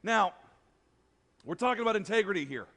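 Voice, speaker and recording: A young man preaching a sermon as pastor, animated, acting out quotes and joking with the congregation. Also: high voice, a little fast. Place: church sanctuary. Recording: long hall reverb.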